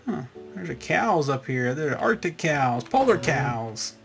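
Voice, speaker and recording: A man's voice: fairly high pitch, sing-song, unhurried, vocal fry, a bit bright, soft background music. A man hosting a let's-play, talking through his game in a rambling, chatty way with fillers and little sound effects. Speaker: gaming channel host. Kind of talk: casual let's-play commentary.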